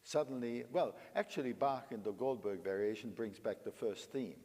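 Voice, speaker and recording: Piano sounds fill a large, echoing hall as an older male instructor coaches a young pianist at a moderate pace. His medium-pitched, darkish voice carries lively intonation, and he sings phrases aloud while giving emphatic, coaxing guidance.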